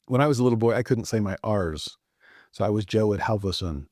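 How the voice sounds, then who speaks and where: A man's voice: lowish voice, fairly quick, darkish tone, no echo, clean studio sound. A man giving a casual scripture lesson who talks conversationally and thinks aloud with frequent restarts. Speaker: scripture teacher.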